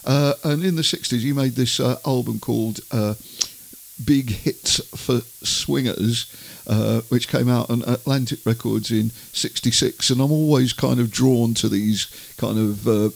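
Gravelly, rambling middle-aged man hosting. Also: mid-range voice, measured pace. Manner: rambling, many "uh" fillers and asides. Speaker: radio music show host. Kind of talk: casual chatty storytelling.

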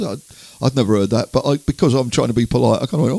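A man's voice: medium pitch, quick pace, gravelly, darkish tone, breathy edge, no echo. An older English man presenting a radio show, telling rambling anecdotes between records with chuckles.

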